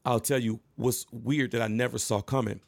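A middle-aged man from Michigan telling a personal story in a casual monologue, animated and emphatic, acting out the scenes. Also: mid-range voice, normal speed, gravelly, no room sound, studio quality.

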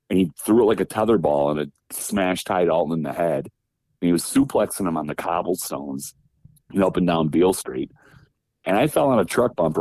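A man from Wisconsin, a former wrestler, telling stories in a casual interview, lively and acting out the voices of people he quotes. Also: deep voice, dry recording. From Wisconsin, USA. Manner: animated storyteller, acts out quoted voices, laughs often. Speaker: guest, former pro wrestler.

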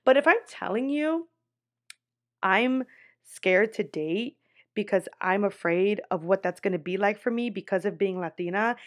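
A woman in her twenties talks into a podcast microphone, sharing her own experiences with candor. She is blunt and swears freely, and her speech runs on casual fillers like "like" and "you know". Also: mid-range voice. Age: 20s. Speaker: podcast host. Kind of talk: candid personal storytelling.

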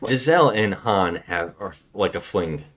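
A man hosting a podcast, casually retelling a movie plot in a rambling, relaxed way. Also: sits low, normal speed. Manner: rambling, relaxed storytelling with frequent restarts. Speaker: podcast host.

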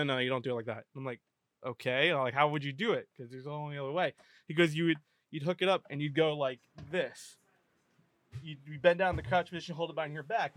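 A man's voice: on the high side, no echo, clean studio sound. A man telling a story on a casual podcast, acting out both sides of a conversation. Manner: animated, acts out both sides of a dialogue.

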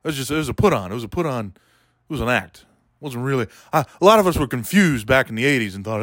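A man doing a rambling, deadpan comedy monologue, talking to a listener by name as he goes. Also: medium pitch, fast talker, no room sound, clean studio sound. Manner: meandering, deadpan, keeps addressing a listener by name.

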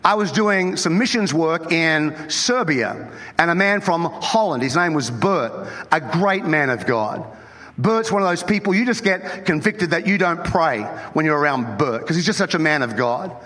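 Lively Australian pastor preaching. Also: male voice, fairly high pitch, normal speed. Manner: animated, joking storyteller. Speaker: lead pastor. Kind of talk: sermon. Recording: long hall reverb.

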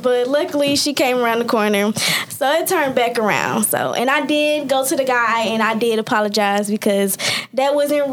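A woman hosting a podcast, telling a story in lively casual chat, laughing often and acting out what people said. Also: high voice, slight background noise. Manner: animated, laughs often, acts out quotes. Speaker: podcast host.

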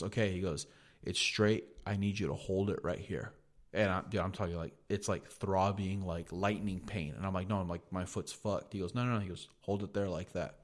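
Laid-back low-voiced guy. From United States. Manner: laid-back, profane, peppered with "like". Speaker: podcast host. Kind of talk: casual storytelling.

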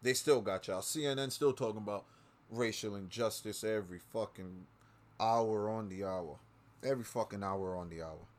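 A man hosting his own show, ranting angrily with constant swearing and repeating lines for emphasis. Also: normal speed. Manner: swings between low mutters and loud outbursts. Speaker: podcast host. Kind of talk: profane political rant.

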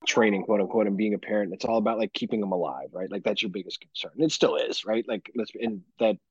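A man co-hosting a podcast in casual chat, swearing freely and telling animated stories about his kids. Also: lowish voice, fast, breathy edge, no room sound, lo-fi sound. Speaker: podcast co-host.

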